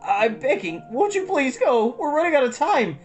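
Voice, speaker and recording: A flustered, fretful town mayor pleading for help, as a woman reader plays him. His storybook voice wavers up and down, hushed one moment and begging the next. Guitar music runs clearly beneath him. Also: sits low, big pitch swings, fast talker. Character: fretful middle-aged male town mayor.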